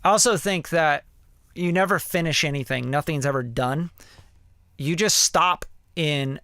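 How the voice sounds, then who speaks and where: A man's voice: a little high, a little slow, bright, forceful tone, clear, resonant tone, no room sound, clean studio sound. A man who produces music, talking casually on his live stream, candid and rambling, full of "like" and "you know" and ready swearing.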